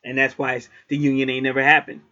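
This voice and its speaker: A man's voice: mid-range voice, monotone, fast talker, pushed and bright. A man giving a casual astrology reading in a blunt, preachy way, cursing freely. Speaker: astrologer and card reader. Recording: dull lo-fi recording.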